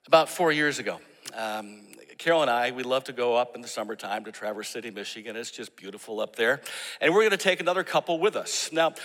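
Bright-voiced man preaching in a hall. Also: mid-range voice. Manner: storytelling, animated when quoting others. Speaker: pastor. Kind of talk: sermon.

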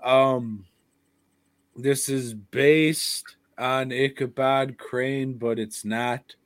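A man's voice: medium pitch, fairly even intonation, extremely slow, dry recording, studio quality. A man co-hosting a podcast in crude, profane, joking casual chat. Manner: profane, joking, puts on silly voices. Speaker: podcast co-host.

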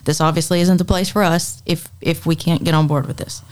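A woman, co-hosting a podcast and recounting a story in casual chat. She often doubles back on her words as she talks. Her voice sits low for a woman. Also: steady tone, fairly quick, darkish tone. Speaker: podcast co-host.

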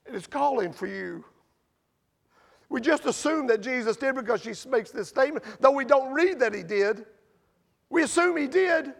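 Animated high-pitched man preaching. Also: creaky. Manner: animated, with rhetorical questions to the congregation; rises and drops sharply in loudness. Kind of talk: sermon.

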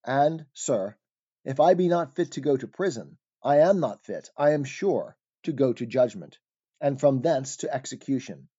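Brief: a troubled, earnest pilgrim pleading in archaic words, mellow and dull-sounding, voiced by a male narrator. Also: medium pitch, animated, moderate pace, husky. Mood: anguished. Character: troubled pilgrim man fleeing his city, earnest.

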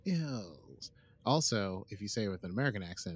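A man's voice: lowish voice, lively intonation, fairly quick, husky. A man co-hosting a podcast, joking dryly in casual chat and recapping an episode's plot. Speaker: podcast co-host.

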